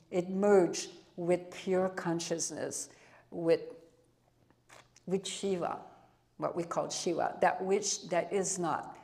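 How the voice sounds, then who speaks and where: A woman with a French accent leads a spiritual satsang in front of a live audience, taking her time over every phrase. Her voice sits somewhat low. She pauses and restarts as she searches for words. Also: a little mellow. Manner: unhurried, drawn-out phrasing with frequent restarts. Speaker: spiritual teacher.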